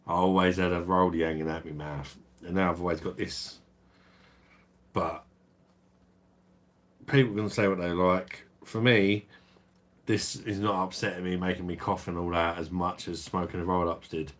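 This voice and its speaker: A man's voice: low voice, a bit bright. A man with a South East London accent hosting a casual livestream, answering viewer comments with laid-back blokey banter and the odd swear. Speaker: livestream host.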